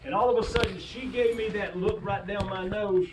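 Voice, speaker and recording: A man telling a comic story about his marriage, animated and self-mocking. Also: high voice, normal speed, a little hiss or hum. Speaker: comedic storyteller. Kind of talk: stand-up storytelling. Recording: echoey room from far off.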